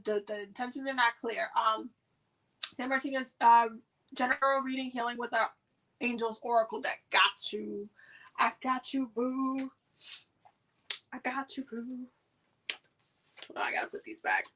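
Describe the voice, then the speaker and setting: A woman's voice: on the high side, steady tone, unhurried, pauses often, fairly bright tone, low-quality recording. A woman hosting a live oracle card reading, talking in a loose, slangy, chatty way with lots of fillers and repeated words. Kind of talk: casual livestream chat during card pulls.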